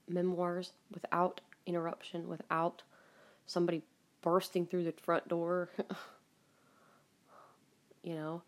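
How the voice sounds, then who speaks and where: A woman's voice: on the low side, flat delivery, slow pace, pauses often. A woman hosting her own podcast, chatting casually at home, rambling with frequent laughs and some swearing. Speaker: podcast host. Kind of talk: casual personal monologue. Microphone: home recording.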